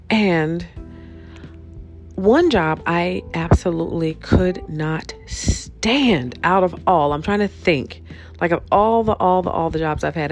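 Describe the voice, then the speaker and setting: A woman hosting a podcast, telling a profane comic rant about bad jobs, laughing often as she talks. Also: lowish voice. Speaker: podcast host. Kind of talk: comedic storytelling rant.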